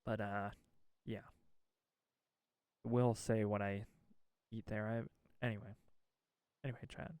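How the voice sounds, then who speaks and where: A man's voice: lowish voice, flat delivery, slow pace, long pauses, a little mellow, clear, resonant tone, no room sound, studio quality. A man chatting casually on a game stream, rambling and swapping his swears for mild stand-ins. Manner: rambling, self-censors swears with mild substitutes.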